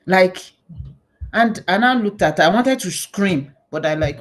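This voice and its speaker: A woman from Nigeria, moderating a panel and telling self-mocking stories in a lively way. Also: fairly low pitch, moderate pace. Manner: animated, self-mocking storyteller. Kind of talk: conversational panel facilitation.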